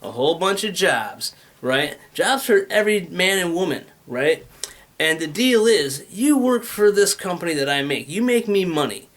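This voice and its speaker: A man's voice: sits high, very animated, normal speed, fairly bright tone. A man in a casual, rambling rant, swearing often and restlessly jumping between ideas. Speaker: vlogger pitching his venture.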